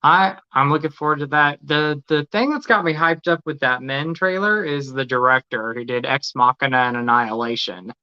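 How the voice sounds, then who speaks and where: A man's voice: on the high side, bright, forceful tone, smooth. A man co-hosting a podcast, talking with enthusiasm in a casual chat. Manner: enthusiastic, quick to praise. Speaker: podcast co-host. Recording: slightly dull lo-fi audio.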